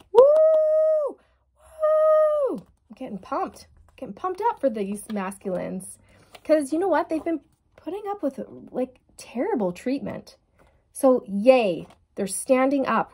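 A woman giving a casual tarot reading, speaking straight to her viewers in a gushing, excitable way. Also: fairly high pitch, measured pace, breathy edge. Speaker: tarot reader.

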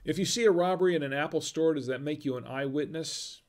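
A man's voice: on the high side, fast, darkish tone. A man hosting a casual livestream, reading viewer jokes, chuckling at them and trailing off mid-sentence.

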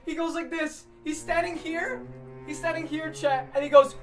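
A young man streaming, telling a story to his chat in a casual, animated way, swearing and using lots of fillers. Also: extremely high pitch, unhurried, soft background music. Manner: animated, swearing, frequent fillers, breaks into laughter.

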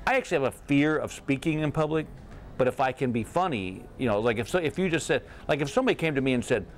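Animated man telling funny stories. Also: mid-range voice, quick pace, a little hiss or hum. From Texas. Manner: animated, laughs through his own stories. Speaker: comedian guest. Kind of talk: casual interview storytelling. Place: hotel room.

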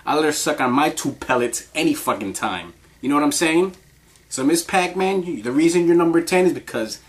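A man giving casual countdown commentary in a crude, rambling, profanity-heavy way, often laughing. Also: a little high.

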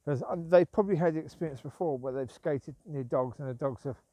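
A man's voice: fairly high pitch, brisk, dark tone. Grumbling man on a night walk. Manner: grumbling, repeats himself, calls sharply to his dogs. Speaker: vlogger walking his dogs. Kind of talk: rambling walk-and-talk. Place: outdoors at night on a street.

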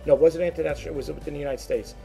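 A man's voice: a little high, steady tone, very fast, vocal fry, dark tone, faint music behind. A man who resells online, chatting casually to his viewers, rambling and repeating words as he goes. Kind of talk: casual talk to camera.

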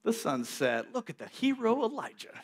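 High-voiced animated male preacher. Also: moderate pace, husky. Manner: animated storytelling with acted-out voices. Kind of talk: sermon.

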